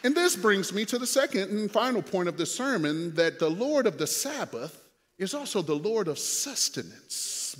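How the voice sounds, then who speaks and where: A man preaching a sermon as pastor, animated, with playful asides and rising to shouts. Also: sits high, long reverb tail.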